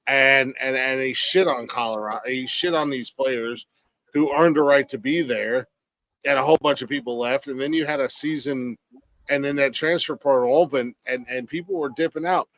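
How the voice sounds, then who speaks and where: A man's voice: mid-range voice, normal speed, fairly bright tone, no room sound. A man co-hosting a podcast in casual sports chat, profane and heated, stumbling over repeated restarts. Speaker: podcast co-host.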